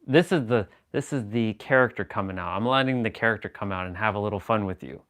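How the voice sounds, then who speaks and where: A man hosts a live stream and talks loosely and off the cuff. He jokes with viewers and reacts to their comments as he goes. His voice sits a little low. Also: fast talker, a bit bright. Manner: rambling, joking, reacting to chat. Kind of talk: casual live stream chat.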